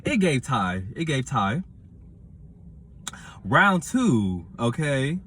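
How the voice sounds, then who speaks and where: A man, reviewing a reality show in casual commentary with animated, dramatic retelling. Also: medium pitch, drawn-out words, slightly rough.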